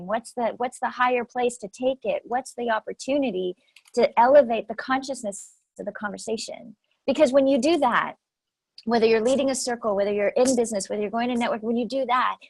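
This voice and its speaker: Animated woman guest, slightly high voice. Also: dry recording, low-quality recording. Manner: animated, repeats phrases for emphasis. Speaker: guest speaker coach. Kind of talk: conversational interview storytelling.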